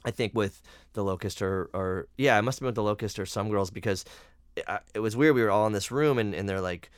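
Smooth low-voiced male podcast host. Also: quick pace, no room sound, studio quality. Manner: animated storyteller, many fillers. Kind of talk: casual interview chat.

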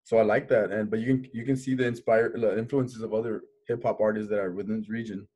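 A man's voice: fairly low pitch, steady tone, quick pace, dark tone, slightly rough. A man hosting a casual interview speaks. He agrees readily and adds short remarks. His delivery is conversational and easygoing. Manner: agreeable, chimes in with short affirmations. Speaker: interview host.

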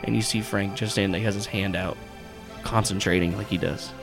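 A man's voice: deep voice, fairly even intonation, fairly quick, over music. A man narrating as game master in a tabletop game, rambling with lots of fillers and swearing.

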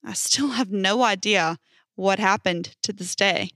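A woman's voice: medium pitch, a little slow, noisy background. A woman reading strange first-person stories aloud in a casual storytelling manner, with emphatic swearing. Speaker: narrator reading posts.

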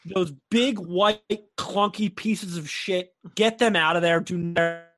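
A man's voice: high-pitched, steady tone, slow, a bit bright, soft background music. A man co-hosting a casual chat, joking around and playing devil's advocate. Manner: playful, joking.

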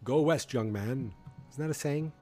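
A man's voice: medium pitch, normal speed, mellow, soft background music. Rambling man recapping a TV episode. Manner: rambling, acts out characters' lines in passing, frequent ums. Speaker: show recap host.

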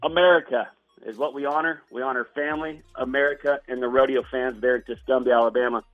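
A man's voice: medium pitch, fairly even intonation, fast talker, soft background music. A man calling in by phone, a rodeo announcer, talking like a hyped-up showman. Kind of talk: phone interview. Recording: dull phone-line audio.

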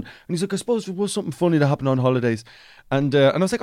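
A young Irish man co-hosting a casual podcast chat, telling stories and acting out exchanges in bright high voices. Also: expressive, racing, dry recording, studio quality. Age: young adult. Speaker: podcast co-host.

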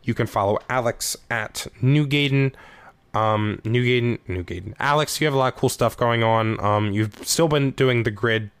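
A man co-hosting a podcast in casual, jokey chat, his voice jumping up when he gets excited. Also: normal speed, clean tone, no room sound. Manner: animated, jokey, pitch jumps up when excited. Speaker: podcast co-host.

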